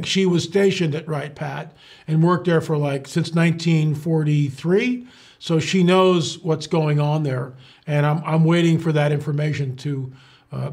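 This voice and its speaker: A man's voice: on the high side, vocal fry, a little mellow, husky. A man hosting his show, talking in a sarcastic, incredulous monologue with many fillers and restarts. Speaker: show host. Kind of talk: casual commentary monologue.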